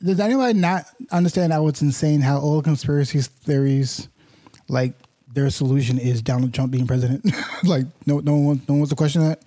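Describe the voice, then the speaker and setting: A man's voice: a little high, fairly even intonation, fairly quick, warm tone, dry recording. A man co-hosting a casual podcast chat, rambling and restarting sentences as he explains. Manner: rambling, restarts sentences while explaining, laughs at his own points. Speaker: podcast co-host.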